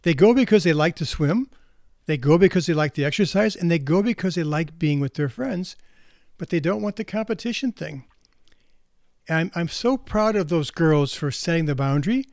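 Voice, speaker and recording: A man with a voice on the high side and a little mellow speaks earnestly as a counselor to parents in a reflective talk, often restarting and repeating words. The recording is dry with clean studio sound.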